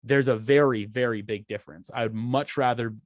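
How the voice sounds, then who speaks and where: A man holds forth on a podcast in a casual, profane rant, his voice sitting in a middle pitch. He keeps slipping into quick acted-out quotes to make his point. The recording is dry and close, with no room sound. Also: fairly even intonation, no echo. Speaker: podcast co-host.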